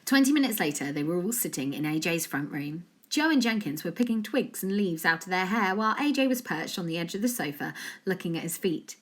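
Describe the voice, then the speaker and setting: A woman reading a children's book aloud, in a lively, animated way. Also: fairly low pitch, brisk. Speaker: storyteller.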